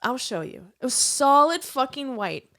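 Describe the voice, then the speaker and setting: A woman co-hosting a podcast, telling an animated, foul-mouthed story in casual chat. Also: high voice, moderate pace. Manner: animated storytelling, swears freely. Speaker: podcast co-host.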